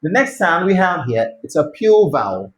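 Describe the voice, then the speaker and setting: A pronunciation teacher leading a lesson, modelling words slowly and repeating them for the learner to copy, with short encouraging prompts. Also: mid-range voice, sing-song, rough recording. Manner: slow, drawn-out model words repeated for practice.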